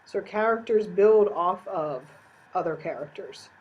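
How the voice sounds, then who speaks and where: A woman's voice: on the low side, lively intonation, unhurried, breathy edge, highs cut off. A woman giving a recorded course lecture, explaining step by step with frequent "uh" fillers.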